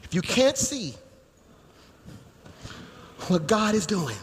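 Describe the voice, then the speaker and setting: Man, pastor, forties, live sermon, high-pitched, church hall reverb, faint background hiss. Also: big pitch swings, slow. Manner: preaching, swings from quiet teaching to shouting. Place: church sanctuary.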